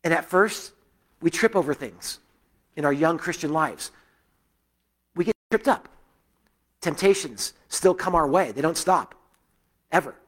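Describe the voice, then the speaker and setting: Conversational middle-aged male pastor, slightly high voice. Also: animated, moderate pace, fairly bright tone. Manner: conversational storytelling, many fillers and restarts. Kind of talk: sermon.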